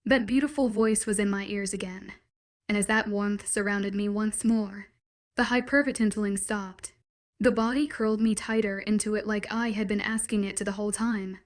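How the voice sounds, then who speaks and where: A woman narrating a first-person fantasy story with a measured, dramatic delivery. Her voice sits at an everyday mid pitch. She reads like a steady storyteller. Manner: measured, dramatic inner monologue.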